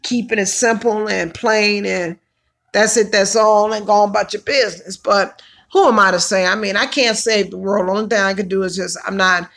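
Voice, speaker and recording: Gravelly-voiced woman chatting on a livestream. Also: mid-range voice, fairly even intonation, normal speed, fairly bright tone. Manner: chatty, exclaims and calls out to viewers. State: hoarse from allergies. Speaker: livestream host. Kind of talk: casual livestream chat with viewers.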